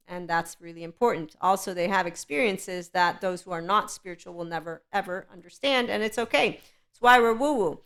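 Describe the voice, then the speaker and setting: A woman's voice: mid-range voice, fairly bright tone. A woman hosting a podcast, talking unscripted in a rambling, emphatic and candid way, often checking in with "okay". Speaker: podcast host. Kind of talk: unscripted solo podcast monologue.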